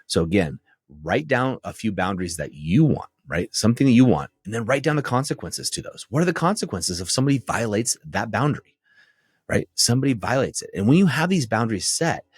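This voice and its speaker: Deep-ish husky guy doing a coaching podcast, firm and direct, keeps saying right?, lively pitch. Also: a little fast, no room sound, studio quality. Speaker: podcast host and men's relationship coach. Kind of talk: coaching monologue.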